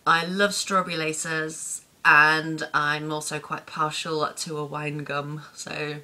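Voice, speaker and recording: A woman's voice: low-pitched, little pitch movement, slow pace, sharp tone. A woman chatting upbeat to camera, answering tag questions and laughing easily. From Lincolnshire, England. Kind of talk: casual chat to camera.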